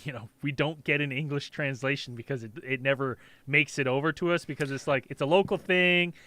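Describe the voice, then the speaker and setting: A man's voice: mid-range voice, fairly even intonation, fairly quick, sharp tone. A man hosting a casual podcast chat, joking loosely and laughing. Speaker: podcast host.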